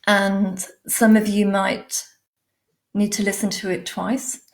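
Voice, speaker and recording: Slow-talking, effusive English woman live-streaming. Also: medium pitch, flat delivery. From England. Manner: warm, effusive, calls viewers darling and lovely; many fillers, unhurried. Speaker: livestream host, animal communicator. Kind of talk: live-stream greeting viewers. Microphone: laptop mic on a live stream.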